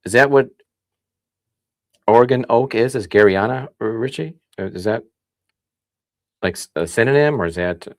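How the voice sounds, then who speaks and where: A man from the Midwest hosting a casual livestream, chatting and thinking out loud as he reads comments. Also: mid-range voice, normal speed, long pauses, dry recording, clean studio sound. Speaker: livestream host. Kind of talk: casual tasting livestream chat.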